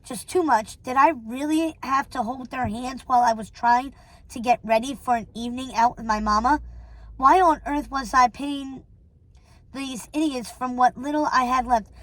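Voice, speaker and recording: A woman reading a novel aloud in a steady way, with small stumbles and self-corrections. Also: sits high, moderate pace, dry recording, rough recording. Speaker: reader.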